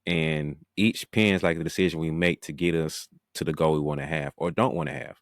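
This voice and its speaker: A man hosts a podcast interview and asks measured, thoughtful questions. His voice is very low. The sound is dry, with no room echo. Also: steady tone. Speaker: podcast host.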